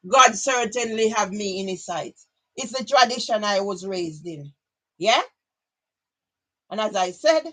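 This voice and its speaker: A middle-aged woman with a Jamaican accent talks straight to her audience in a loose, rambling monologue. Her voice is bright and forceful, and she drifts freely between English and patois. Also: medium pitch, slightly rough. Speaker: vlogger.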